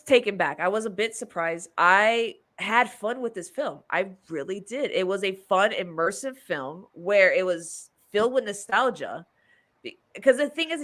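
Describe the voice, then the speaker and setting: A chatty woman hosts a casual podcast, rambling through her thoughts on a film with frequent laughs. Her voice is bright and clear, sitting at an everyday middle pitch. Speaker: podcast host. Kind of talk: casual movie review chat.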